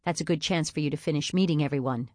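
A woman's voice: sits low, fast, a little mellow, dry recording, clean studio sound, close to an everyday voice. A woman voicing a big, friendly farm man with a hearty, easygoing manner.

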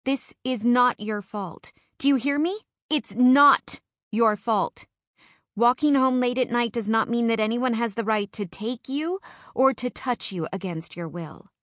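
A woman reading an audiobook and voicing an outspoken, protective young hairdresser friend, a bit higher and louder than her narration. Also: normal speed, no echo, studio quality, close to an everyday voice. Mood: firm, comforting. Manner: brash, excitable, protective.

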